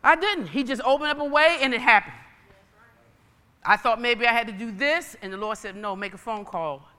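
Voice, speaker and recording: A woman's voice: fairly high pitch, normal speed, bright, forceful tone, smooth. Emphatic woman preacher in a reverberant hall. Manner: emphatic, folksy, storytelling. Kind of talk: sermon with personal testimony.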